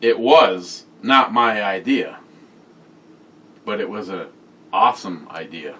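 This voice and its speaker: A man's voice: lowish voice, expressive, slow pace, sharp tone, slightly rough, distant mic. A man on a casual beer-review vlog reads out viewer comments with crude, joking humor and a lot of swearing.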